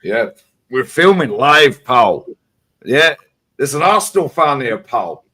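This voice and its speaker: A man doing a loud of his football-fan mate, tagging pal onto every line. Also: mid-range voice, big pitch swings, slow, exaggerated voice. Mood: rowdy. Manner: shouty, repeating pal.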